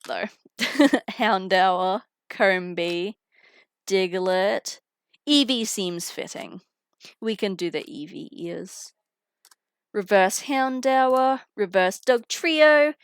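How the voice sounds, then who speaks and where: On a live stream, a young woman opens trading cards, giggling, chatting and greeting viewers through a headset mic. Her mid-range voice has a clean tone with no echo.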